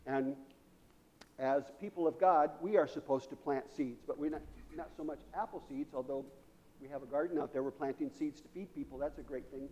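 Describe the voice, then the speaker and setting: A man, the pastor, gives the children's message in a playful, chatty way, asking the kids questions as he goes. His voice sits somewhat high, and his words carry a long reverb through the church. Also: fairly quick, mellow, dull audio. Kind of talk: children's sermon. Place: church sanctuary.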